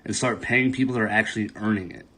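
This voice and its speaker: A man lectures his viewers in a preachy rant about what people should support. His voice is low and husky. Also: fast, bright, forceful tone. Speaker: commentator in a played clip.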